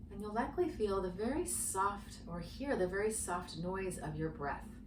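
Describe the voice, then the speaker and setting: Soothing, slow-spoken female yoga therapist. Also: lowish voice, noisy background. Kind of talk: guided breathing instruction. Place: indoor room with yoga mat. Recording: roomy, distant from the mic.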